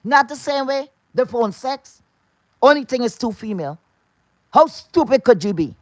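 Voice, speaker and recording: A woman's voice: on the high side, lively intonation, moderate pace, a little mellow, no room sound. Furious profane woman ranting. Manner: profane, confrontational, scolding. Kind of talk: angry rant to camera.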